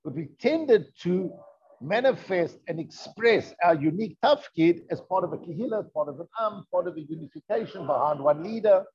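Man, Torah teacher, explanatory lesson, rhetorical questions, warm dark tone, muffled lo-fi sound. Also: high voice, expressive, moderate pace, husky. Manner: explanatory, poses rhetorical questions, drifts into Hebrew terms. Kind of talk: classroom lesson with text reading. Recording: dull lo-fi recording.

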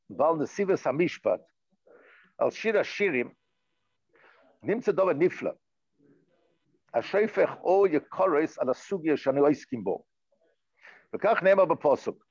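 A man teaching a Torah class online, explaining texts and chanting Hebrew verses slowly with Yiddish terms. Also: fairly high pitch, darkish tone, dry recording, highs cut off. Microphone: computer mic, online class.

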